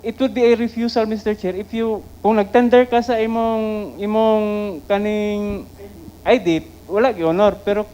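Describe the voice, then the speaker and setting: Filipino official answering the council, careful and explanatory, mellow darkish tone. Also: mid-range voice, fairly even intonation, normal speed, clear, resonant tone, rough recording.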